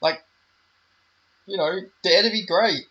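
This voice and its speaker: A man's voice: high-pitched, takes it slowly, sharp tone, lo-fi sound. A man giving a heated, profane casual rant about fighters, full of fillers and swearing. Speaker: MMA commentary YouTuber.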